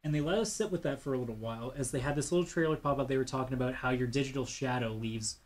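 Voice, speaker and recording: Man, from Canada, podcast host, fast talker, rambling storyteller, mid-pitched voice. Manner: rambling, animated storytelling with acted-out quotes. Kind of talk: casual podcast chat.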